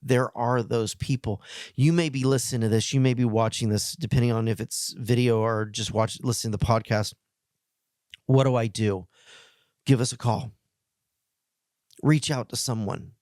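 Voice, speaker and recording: A middle-aged male pastor giving a heartfelt, plainspoken message to men, earnest, with emotional pauses. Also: medium pitch, steady tone, a little mellow, no echo, studio quality.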